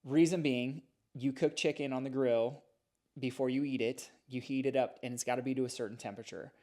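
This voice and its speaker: A middle-aged man, a chiropractor, explaining and telling stories in a casual podcast interview, talking in a lively, animated way. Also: medium pitch, fairly quick. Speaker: chiropractor guest.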